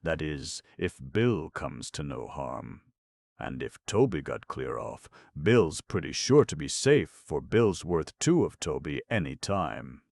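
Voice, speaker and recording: A man's voice: rumbling low, sing-song, slow, creaky, a little mellow, no room sound, full character voice. A man voicing a bitter, sullen young woman who has been drinking, in an audiobook. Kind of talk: audiobook character voice.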